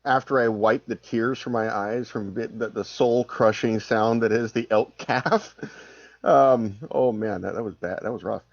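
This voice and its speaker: A man's voice: on the low side, a little slow, vocal fry, dry recording. A man playing a tabletop game, joking around with the group. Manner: joking, lively. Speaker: player. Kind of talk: casual tabletop game play. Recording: dull dry mic.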